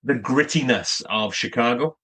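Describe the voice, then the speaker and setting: A man's voice: mid-range voice, moderate pace, bright, forceful tone, slightly rough. A man co-hosting a casual film podcast, teasing and laughing easily. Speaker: podcast co-host.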